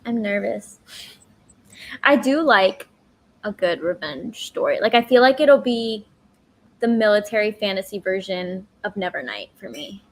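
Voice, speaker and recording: A woman co-hosts a live reading stream over a video call. She sounds relaxed and easygoing, scattering "like" through her sentences and laughing easily as she chats. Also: medium pitch, unhurried.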